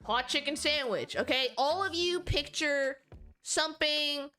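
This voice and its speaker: A woman's voice: high voice, unhurried, sharp tone. A young woman streaming live, chatting casually and animatedly with her chat, swearing freely and restarting her sentences. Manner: talks to chat, frequent fillers and restarts.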